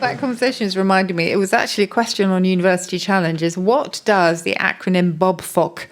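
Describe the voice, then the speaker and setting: A woman sits on a comedy panel, bantering in a quick, enthusiastic way. She is plainly amused by what she shares, and her voice has an ordinary middle pitch. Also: fairly even intonation, some chatter behind.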